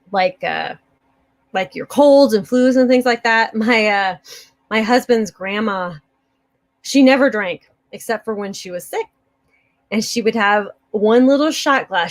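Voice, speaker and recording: A woman hosting a preparedness channel, chatting casually and upbeat as she answers viewer comments, giggling often. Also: medium pitch.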